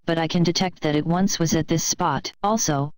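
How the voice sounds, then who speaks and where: A woman's voice: low-pitched, moderate pace, dry recording, close to an everyday voice. A woman reading the part of an earnest heroine describing what her mystic sight reveals.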